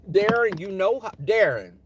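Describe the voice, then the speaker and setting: A man's voice: sits high, unhurried, husky, muffled recording. A man telling sassy, dramatic workplace stories while driving his car. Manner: sassy, animated, dramatic storytelling. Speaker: vlogger. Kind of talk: storytelling chat while driving.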